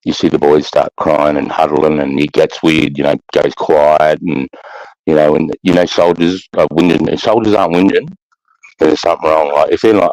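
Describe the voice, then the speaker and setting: A bass-voiced Australian veteran speaks at a normal speed with a steady, darkish tone, recorded dry and with poor audio. As a guest in a casual podcast conversation, he recounts war stories bluntly, swearing often and peppering his talk with "mate" and "bro."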